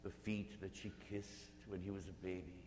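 Male preacher, meditative sermon, swells loud then drops to whispers; roomy echoey hall. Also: sits low, flat delivery, normal speed. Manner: vivid, swelling to intensity, dropping to hushed whispers. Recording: echoey hall with faint hum.

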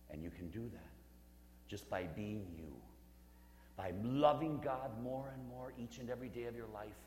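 A Catholic priest in his fifties giving a conversational, humorous storytelling sermon, dropping to a hush for emphasis. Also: medium pitch, a little hiss or hum. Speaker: Catholic priest leading a parish mission. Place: church. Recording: roomy church with long reverb.

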